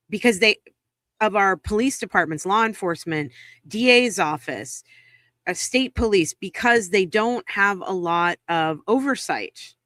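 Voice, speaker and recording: A woman's voice: mid-range voice, a bit bright, no echo, clean studio sound. A woman from Massachusetts co-hosting a podcast in casual chat, heated and indignant, swearing for emphasis. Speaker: podcast co-host.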